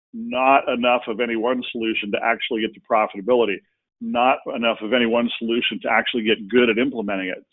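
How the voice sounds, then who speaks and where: A man giving a business webinar talk in a conversational, folksy way, with casual asides. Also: medium pitch. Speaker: presenter. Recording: tinny phone-like audio.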